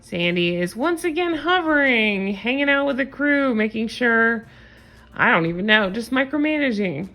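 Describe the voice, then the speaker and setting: A woman's voice: fairly high pitch, animated, normal speed, a bit bright. A woman hosting a casual reality-show recap, opinionated and sarcastic, often exasperated. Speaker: recap host.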